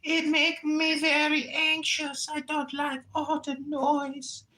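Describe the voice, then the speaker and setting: A man putting on a high whiny female tenant. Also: monotone, slow pace, bright, forceful tone, a little hiss or hum, full character voice. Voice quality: broken English, whiny. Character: anxious complaining female tenant.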